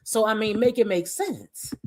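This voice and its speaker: A woman's voice: medium pitch, animated, unhurried, a little mellow. A woman hosting a livestream. She rants bluntly and with a lot of swearing while she reads out and answers chat comments. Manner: blunt, profane, emphatic ranting. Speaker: livestream host.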